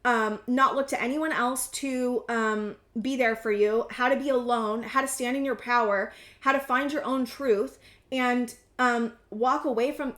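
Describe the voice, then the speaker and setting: A woman's voice: fairly high pitch, a bit bright, echoey room. Chatty woman giving a tarot reading. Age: 30s. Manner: rambling, intuitive, with many restarts and fillers. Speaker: tarot reader. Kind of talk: casual tarot reading to camera.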